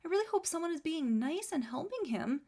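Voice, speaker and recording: A woman's voice: extremely high pitch, big pitch swings, fairly quick, warm tone, pitched above the performer's own voice. A woman putting on a mocking, airy voice for a whiny, self-absorbed woman in her forties. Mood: mock-wistful.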